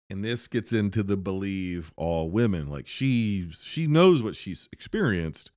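A man with a fairly low voice talks through a horror film's story in a loose, rambling way. He fills his sentences with "like" and restarts. The sound is dry and close, with no room echo. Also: sing-song, unhurried, hardly any pauses, darkish tone. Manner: rambling, filler-heavy, lots of "like". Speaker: film reviewer. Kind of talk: casual movie recap.

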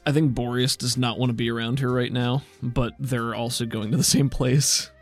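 A man playing a tabletop game who narrates his character's actions with casual, wry humor. His middling voice has a gravelly rasp, with faint music underneath. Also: mid-range voice, flat delivery, moderate pace. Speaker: player.

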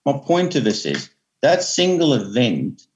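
A man telling an earnest, halting story as a guest spearfisherman, often repeating his words. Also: medium pitch, huge pitch swings, a little mellow, highs cut off. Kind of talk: emotional storytelling.

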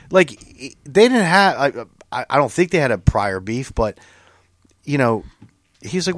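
A man's voice: mid-range voice, moderate pace, no echo, studio quality. Profane rambling man telling a story. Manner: profane, rambling, animated storytelling with many restarts. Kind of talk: casual chat.

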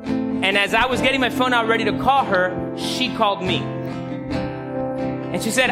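High-voiced pastor preaching over guitar music. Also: male voice, moderate pace, long pauses. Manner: conversational, emphatic storytelling with direct questions to the congregation. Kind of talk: sermon. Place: church.

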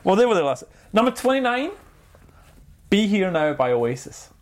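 A man's voice: high-pitched, sing-song, normal speed, a little hiss or hum. A man co-hosting a podcast in casual chat, teasing his co-host and reading out a chart countdown. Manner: laughing, teasing, reads out chart list.

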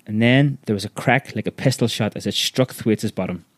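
A man's voice: fairly low pitch, dry recording. Man reading a story aloud, dry. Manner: measured, vivid storytelling. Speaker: narrator.

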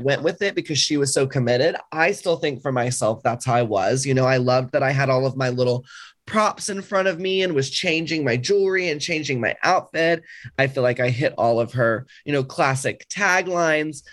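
A man co-hosting a podcast in casual chat, animated and gushing, laughing easily as he talks. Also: medium pitch. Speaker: podcast co-host.

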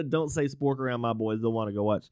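A man's voice: mid-range voice, no room sound, clean studio sound. A man hosting a casual podcast, joking and self-deprecating, often stumbling over his words. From Texas, United States. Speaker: podcast host.

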